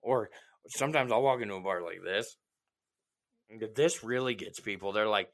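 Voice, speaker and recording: A man in casual chat telling a story as a profane, animated rant, with mocking asides. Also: lowish voice, normal speed, pauses often.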